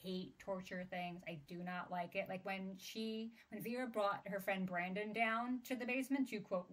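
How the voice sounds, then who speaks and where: A woman's voice: mid-range voice, moderate pace, hardly any pauses. A woman co-hosting a book podcast, chatting casually and reacting expressively, with frequent exclamations and laughter. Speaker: podcast co-host.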